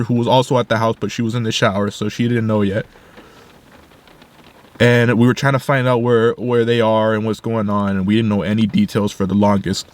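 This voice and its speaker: Quiet, halting young man telling a story. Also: on the low side. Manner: quiet, halting retelling with restarts. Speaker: video creator. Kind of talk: personal storytelling vlog.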